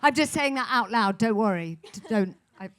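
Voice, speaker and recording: A woman's voice: fairly high pitch, expressive, a bit bright. Chatty woman, rambling asides. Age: middle-aged. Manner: chatty, rambling, self-deprecating with quick asides. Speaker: guest. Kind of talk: live on-stage conversation. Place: festival stage before an audience.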